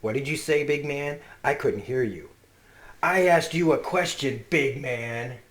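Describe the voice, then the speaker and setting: A man's voice: lowish voice, normal speed, close to an everyday voice. A man reading out a comic's bitter, cruel father who taunts and berates his son, in a contemptuous tone. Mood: taunting. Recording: roomy echo.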